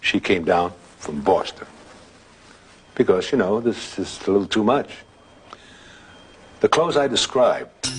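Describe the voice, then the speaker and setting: A man telling a ghost anecdote in a relaxed, halting way, with restarts and filler sounds. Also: low-pitched, slight background noise. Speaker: guest telling a story. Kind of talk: anecdotal storytelling.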